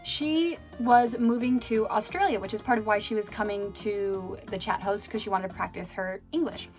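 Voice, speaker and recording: A woman's voice: medium pitch, moderate pace. Woman, casual storytelling vlog, chatty, filler-heavy, faint background music. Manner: chatty, filler-heavy, laughing now and then. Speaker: vlogger and former chat host.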